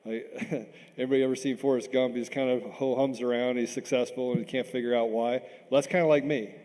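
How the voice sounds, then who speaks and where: A middle-aged man from Washington, D.C. gives an impassioned talk as a panel guest. His voice is dark and mellow, and he doubles words when he is stirred. A long reverb from a large hall trails behind him. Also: mid-range voice, fairly even intonation, fast.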